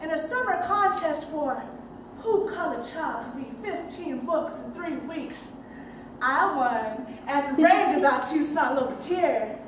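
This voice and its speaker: A woman's voice: sits high, animated, takes it slowly, background noise. A young woman performing a dramatic monologue on stage, telling her story in a vivid, playful way. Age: young adult. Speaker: stage actress. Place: theater stage. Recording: very echoey stage from far off.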